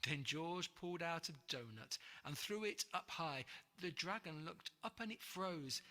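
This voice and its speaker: Woman narrator, storybook, slow, very bright, lively pitch, breathy, reverberant hall. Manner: expressive, breathy, dramatic pauses. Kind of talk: rhyming storybook read-aloud.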